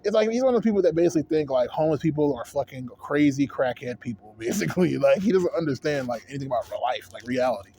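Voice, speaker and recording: A man's voice: fairly high pitch, animated, quick pace, few pauses, dark tone. A man in his thirties venting in a rambling, profane, heated rant to camera as a vlogger. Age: 30s.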